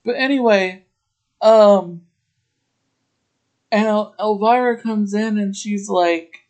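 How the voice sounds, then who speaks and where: A podcast host retelling a TV episode in a casual, meandering way, stopping for chatty asides. The delivery is slow and unhurried, with a voice in the middle of the range. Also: medium pitch, darkish tone.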